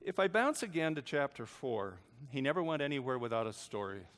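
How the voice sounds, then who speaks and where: An older man preaching a storytelling sermon, swinging between hushed and loud lines. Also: mid-range voice, very animated, brisk, big-room sound. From United States.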